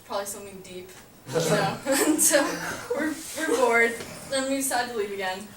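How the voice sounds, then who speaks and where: A woman's voice: fairly high pitch, animated, moderate pace, over a noisy crowd. A woman casually telling a funny personal story, chatty and laughing often, filling her talk with "like". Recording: echoey room, far from mic, noisy.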